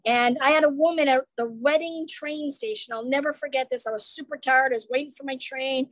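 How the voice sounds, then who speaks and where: A woman comedian talks in a relaxed interview, her voice high and bright. She slips into the voices of the people in her stories as she tells them. The sound is dry and close, with no room around it. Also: a little fast, no room sound, rough recording. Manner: animated storyteller acting out quoted people. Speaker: comedian guest. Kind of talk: casual interview chat.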